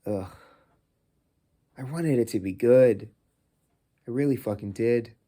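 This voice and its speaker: A man's voice: mid-range voice, takes it slowly, dark tone. Rambling, foul-mouthed man ranting while cooking. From United States. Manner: swears a lot, rambling and exasperated. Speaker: vlogger reviewing a film. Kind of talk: casual rant. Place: home kitchen, cooking. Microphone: phone.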